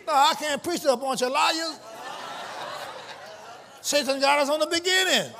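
A man preaching a sermon to a live congregation, calling out questions, teasing the listeners and rising into shouts. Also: very high-pitched, normal speed, creaky, some chatter behind. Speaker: pastor. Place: church before a live congregation.

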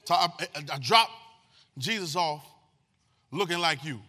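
Man, preacher, high voice, very bright tone, animated sermon, call and response. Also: unhurried. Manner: animated street-talking preaching, call and response, shouting at peaks.

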